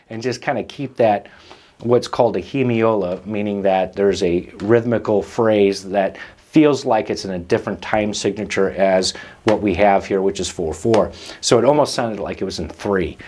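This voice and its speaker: A man's voice: lowish voice, animated, normal speed, background noise. A man hosting a drum lesson, explaining rhythms patiently and counting the beats aloud. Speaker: drum teacher and host.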